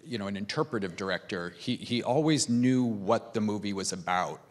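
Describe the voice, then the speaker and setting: Halting, low-voiced man on a panel. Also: lively intonation. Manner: halting, with many false starts and repeated words. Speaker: filmmaker guest on a panel. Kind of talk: conference panel conversation. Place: conference stage.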